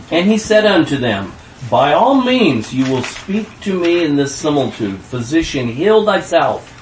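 A man in a Bible study group reading scripture aloud in a steady, formal way. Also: a little high, a little slow, slight background noise. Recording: echoey, distant from the mic.

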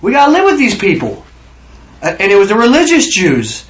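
A man's voice: sits high, huge pitch swings, fairly quick, a bit bright, dull audio. Rambling man leading a Bible study. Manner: rambling, acts out scripture figures. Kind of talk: informal Bible teaching.

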